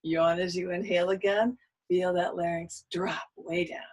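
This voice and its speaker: A woman's voice: on the low side, level tone, moderate pace, darkish tone, rough recording. A woman teaching a singing lesson, giving patient step-by-step cues on breathing and an open throat.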